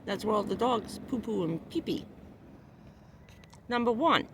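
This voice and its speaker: A woman's voice: mid-range voice, expressive, a little slow, a bit bright, a little hiss or hum. A woman on a livestream, ranting in a heated, profane, repetitive way, upset and near tears, talking from a parked car. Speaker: vlogger. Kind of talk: angry livestream rant.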